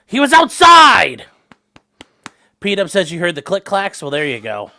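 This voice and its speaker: A man's voice: high voice, wildly swooping pitch, measured pace, creaky, long pauses, bright, forceful tone. A man hosting a casual livestream from home as a lawyer, rambling and chatty, breaking off to coo at his pets. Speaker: attorney and livestream host.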